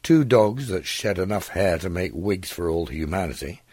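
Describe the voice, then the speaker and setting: A man voicing an earnest, worried older man in an audiobook story, speaking in a measured way. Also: deep voice, lively intonation, darkish tone, slightly rough, dry recording, studio quality.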